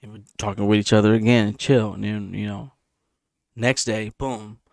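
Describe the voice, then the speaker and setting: A man casually telling a story about a dream, animated and repetitive, punctuating it with sound effects. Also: moderate pace, creaky, no room sound, clean studio sound. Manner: animated, repeats himself, sound effects like boom. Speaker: vlogger.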